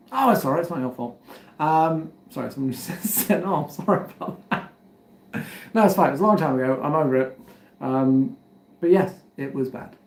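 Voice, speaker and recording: A man's voice: fairly high pitch, creaky, a little mellow. A man with an English accent chatting casually to his livestream viewers, rambling and self-deprecating as he tells a story and fiddles with his setup. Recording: roomy echoey home recording.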